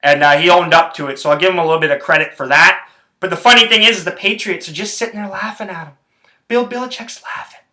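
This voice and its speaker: A man's voice: high voice, fast, pushed and bright. Man, podcast host, casual sports rant, profane, rambling, heated, echoey room.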